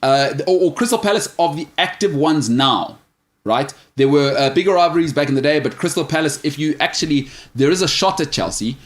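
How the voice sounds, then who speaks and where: A man's voice: on the high side, lively intonation, fairly quick. A man hosting a sports talk show, chatting casually and jokingly as he reads out viewer questions and gives firm opinions. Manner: opinionated, joking, stumbles over names.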